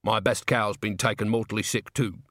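A man voicing a worried, middle-aged tavern keeper who speaks hesitantly, halting with ums, in a storybook reading. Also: lowish voice, steady tone, a bit bright, no room sound, clean studio sound.

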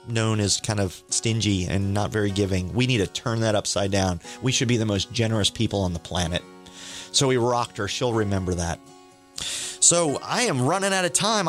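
A man's voice: mid-range voice, a bit bright. A middle-aged man hosting a faith podcast, telling stories in an earnest, eager way. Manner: earnest, eager, acts out quoted dialogue. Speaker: podcast host. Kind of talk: testimony storytelling.

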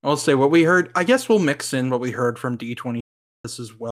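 A man's voice: mid-range voice, fairly quick. A man co-hosting a podcast, chatting casually with lots of fillers and laughter. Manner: rambling, lots of likes and ums, laughs often. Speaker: podcast co-host. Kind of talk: casual chat.

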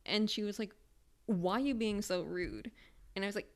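A woman's voice: mid-range voice, moderate pace. A young woman in her twenties, co-hosting a podcast and telling a story in casual, profane chat. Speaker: podcast co-host.

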